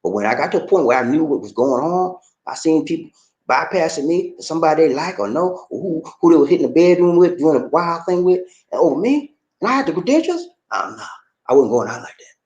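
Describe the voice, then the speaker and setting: With a slightly high, very animated and a little mellow voice, a middle-aged man talks quickly through a casual, preachy monologue aimed straight at his viewers. The online commentator is emphatic and repetitive, calling everyone "man." The audio is dull, with a roomy echo.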